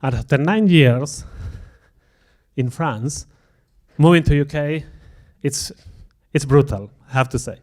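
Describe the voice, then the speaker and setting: A man's voice: fairly high pitch, takes it slowly. A middle-aged man giving a conference talk, telling a personal story in a self-deprecating way and acting out his own thoughts. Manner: animated, self-deprecating, acts out quoted thoughts. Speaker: conference speaker.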